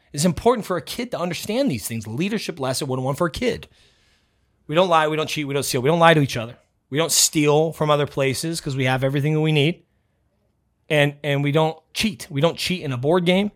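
A man hosting a motivational podcast, talking bluntly and loudly with some swearing, a self-described yeller. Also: fairly high pitch. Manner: blunt, profane and fired up. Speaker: podcast host.

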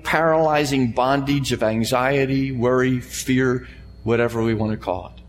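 Preaching man in a reverberant hall. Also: fairly low pitch. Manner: emphatic preaching, repeated phrases, questions to the congregation. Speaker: pastor. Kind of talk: sermon. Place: church sanctuary before a congregation. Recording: long hall reverb with faint hum.

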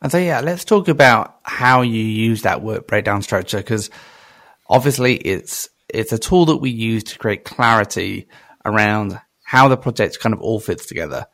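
A man with a gravelly voice hosts a casual podcast conversation, thinking aloud as he talks. His voice sounds dry and close, with no room around it. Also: fairly low pitch, expressive, normal speed, a bit bright, dry recording. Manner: musing, hesitant, thinking aloud. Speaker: podcast host.

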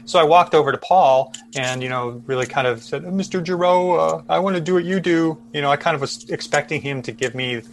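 A man's voice: on the high side, brisk, hardly any pauses. A man, telling his career story as an interview guest, rambling with many fillers and restarts. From Chicago, USA. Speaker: podcast guest photojournalist.

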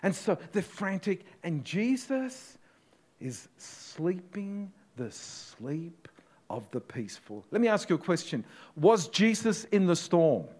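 Lively preacher guy, goes loud then hushed, kinda high voice, dramatic sermon. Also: slow pace. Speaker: pastor.

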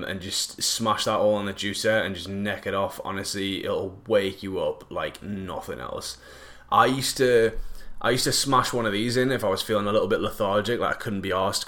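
A man's voice: on the low side, a bit bright. A young man, chatting casually and jokily to camera, rambling with lots of fillers and slang. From northeast England.

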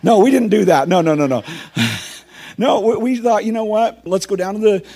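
A man's voice: high voice, moderate pace, creaky, mellow. A middle-aged man and pastor giving a chatty, conversational sermon, asking his listeners questions and telling personal stories. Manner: chatty and informal, asks the congregation questions, tells personal stories. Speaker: teaching pastor.

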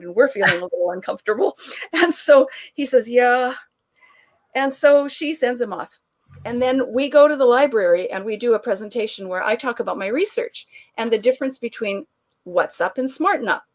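A woman guest telling a long anecdote in conversation, animated and laughing often, acting out the people she quotes. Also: fairly high pitch. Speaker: author and guest. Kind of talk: conversational storytelling.

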